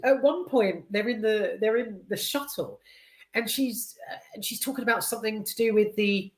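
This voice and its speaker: A woman's voice: mid-range voice, normal speed. A woman gives a rambling film review. She swears and often trips over her words. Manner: rambling and animated, sweary, many hesitations. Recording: roomy echo.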